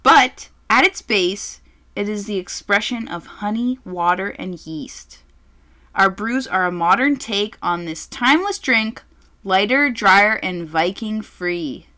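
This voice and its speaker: A woman from Canada co-hosting a relaxed chat show, talking casually and swearing often. Her voice is bright and a little high, and it swings widely in pitch as she tells stories with plenty of drama. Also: slow pace. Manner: swears freely, dramatic storytelling with shouted impressions. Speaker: podcast co-host reviewing drinks.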